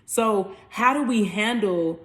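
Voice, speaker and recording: A young adult woman, a spiritual coach, casually talking tarot and astrology, animated and playful, acting out little voices and swearing freely. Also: mid-range voice, slow.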